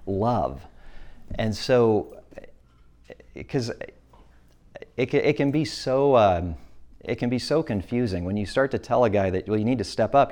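A man's voice: on the low side, dark tone. Earnest man giving a church talk. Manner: earnest, plainspoken, frequent self-corrections. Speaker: speaker at a church talk on abuse. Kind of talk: presentation with audience Q&A.

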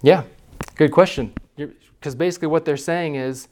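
A man leading a class, teaching in a relaxed, conversational way and putting questions to his students. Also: a little high, normal speed.

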